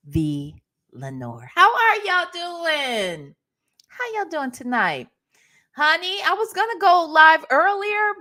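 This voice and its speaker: A woman's voice: high-pitched, pushed and bright. A woman hosting a live stream, chatting sassily with viewers and calling them honey and baby. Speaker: livestream host. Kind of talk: casual live-stream gossip chat.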